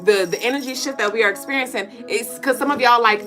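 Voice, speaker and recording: A woman hosting a live spiritual reading stream, talking in an animated, profane, laughing way and breaking into chants. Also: fairly high pitch, quick pace, hardly any pauses, music in the background. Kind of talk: casual live-stream tarot-style reading.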